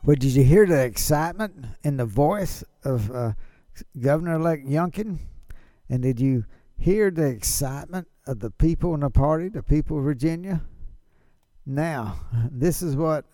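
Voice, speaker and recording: A man's voice: on the high side, lively intonation, normal speed, mellow, no room sound. A man hosting a political commentary show, chatty, asking rhetorical questions and chuckling. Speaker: podcast host.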